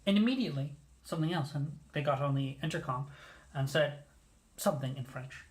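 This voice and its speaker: A host recounting a mishap in a loose, casual way. He is animated and self-mocking, and he slips into the voices of the people in his story. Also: mid-range voice, brisk. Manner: animated, self-mocking, acts out quoted lines. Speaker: podcast host telling a story.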